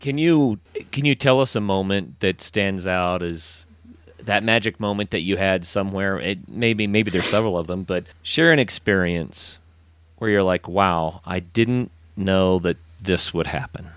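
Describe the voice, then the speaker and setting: A man's voice: low voice, normal speed, a bit bright, smooth, dry recording. A man hosting an adventure podcast, asking open questions and giving short affirmations. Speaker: podcast host. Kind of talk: interview questions.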